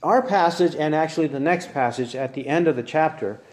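A man preaching a sermon, building his points through earnest, measured rhetorical questions. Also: a little high, a little mellow, echoey room.

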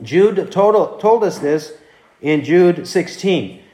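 A man delivers a deliberate expository sermon, pausing to repeat chapter and verse before reading aloud. His voice sits high and his pace is slow. The sound carries a roomy echo. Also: expressive, mellow. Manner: deliberate, repeats scripture references. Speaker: pastor.

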